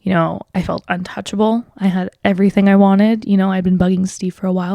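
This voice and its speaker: Gravelly young woman, casual chatty storyteller. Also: steady tone, quick pace, hardly any pauses, mellow, no room sound. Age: 20s. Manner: casual, filler-heavy, swears freely; quotes people in livelier, higher voice. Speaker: podcast host. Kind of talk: solo podcast storytelling.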